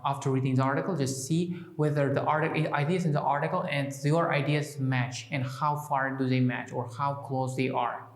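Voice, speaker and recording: Higher-voiced man teaching in an echoey room. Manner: hesitant, many restarts and fillers. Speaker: English teacher. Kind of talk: walkthrough of a textbook lesson.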